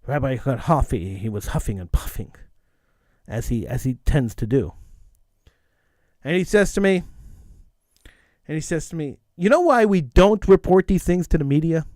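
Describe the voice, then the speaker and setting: Blunt, animated talk-show host, dry studio sound. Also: male voice, fairly high pitch, moderate pace, pauses often, dry recording. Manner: blunt, opinionated, repeats phrases for emphasis. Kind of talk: call-in radio monologue.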